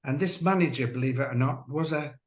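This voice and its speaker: A man, a former dolphin trainer, giving earnest personal testimony as an interview guest, measured and halting with restarts. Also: medium pitch. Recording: roomy echo.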